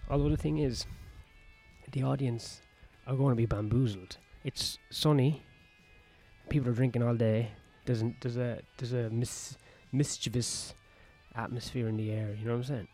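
A stand-up comedian, rambling crudely and jokingly in a casual vlog, recorded outdoors on a patio. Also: male voice, medium pitch, fairly even intonation, moderate pace, mellow, faint music behind.

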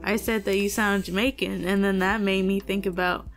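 A woman co-hosting a podcast in casual chat, excitable and giggly, swearing often. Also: medium pitch, moderate pace, faint music behind. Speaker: podcast co-host.

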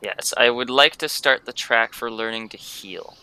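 A man's voice: medium pitch, moderate pace, pushed and bright, clean tone. A man playing a tabletop game, casually asking the game master questions with some hesitation. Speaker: player.

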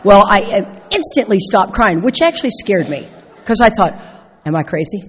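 Animated middle-aged woman storyteller, echoey hall. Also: medium pitch, moderate pace, some chatter behind. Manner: animated, acts out her own quotes, laughs through the story. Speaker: speaker at a recovery convention. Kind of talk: personal storytelling talk. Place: large convention hall.

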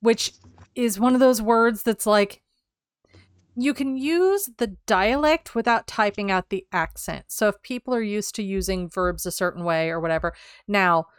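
A chatty woman co-hosting a talk show, laughing easily as she works through a draft. Her voice is smooth and clear. The sound is dry and close. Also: mid-range voice, moderate pace, no echo. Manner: chatty, laughs often, reads text aloud. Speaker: podcast co-host. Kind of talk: casual chat about writing.

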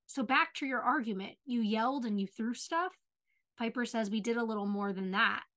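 A woman co-hosting a podcast, casually recapping a TV episode and retelling scenes with animated, cussing commentary. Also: on the high side, moderate pace. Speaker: podcast co-host.

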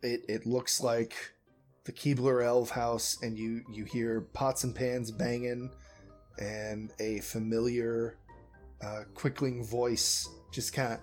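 A man narrating a tabletop game as game master, halting and full of fillers. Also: mid-range voice, little pitch movement, darkish tone, soft background music.

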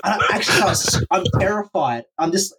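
A young man guest on a podcast, telling an adventure story in an animated, profane way and acting out his own panicked reactions. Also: high voice, brisk, background noise. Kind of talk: storytelling in a casual interview.

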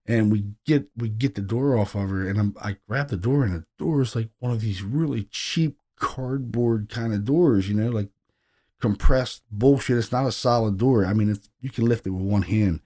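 A man's voice: lowish voice, moderate pace, dark tone. A middle-aged man casually recounting a paranormal investigation in a rambling, laid-back way, with the odd profane aside. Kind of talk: casual storytelling monologue.

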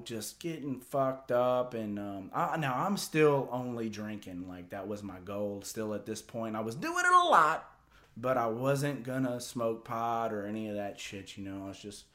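A man casually telling a long story as a podcast host, rambling and profane, with lots of filler words. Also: mid-range voice.

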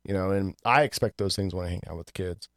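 A man with a lowish voice chatting casually as a podcast co-host. He rambles loosely and swears freely. The recording is close and dry. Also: fast talker, a bit bright, no echo. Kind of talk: casual chat.

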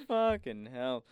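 A man, co-hosting a casual comedic chat, laughing often and acting out voices as he tells stories. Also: high-pitched. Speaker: podcast co-host.

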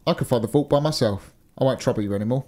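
A man reading the lines of a blunt, calm young male giant. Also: medium pitch, very fast, close to an everyday voice.

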